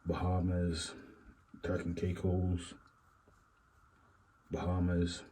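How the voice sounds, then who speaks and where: Low-voiced man musing rambly commentary. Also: completely flat delivery, slow pace, dark tone, breathy edge, rough recording. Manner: rambling, repeats stock phrases, musing asides. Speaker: commentary channel host. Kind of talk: casual reaction commentary.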